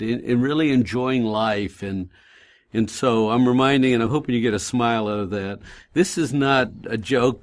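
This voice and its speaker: Casual: gentle guy on a faith radio show, easygoing storyteller, average voice. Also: medium pitch. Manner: gentle, reassuring, calm. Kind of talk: encouraging faith talk and storytelling.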